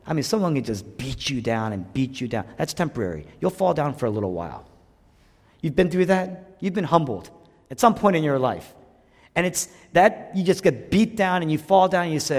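A man preaching a sermon, swinging between loud emphatic preaching and hushed, whispered passages. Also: medium pitch. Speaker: pastor. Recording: long hall reverb.

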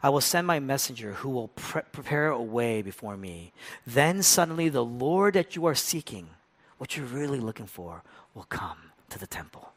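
A man preaching a sermon with a rhetorical, repetitive cadence. He drops to hushed, near-whispered lines, then builds to loud, impassioned passages. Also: medium pitch, expressive, moderate pace. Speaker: pastor.

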